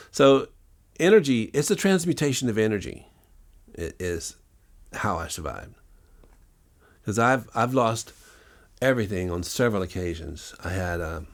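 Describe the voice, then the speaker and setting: A man with a fairly low voice telling long stories in an interview. He is a musician and music teacher who rambles, fills pauses with "um" and restarts his sentences often. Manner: rambling, anecdotal, with many fillers and restarts. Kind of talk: interview storytelling.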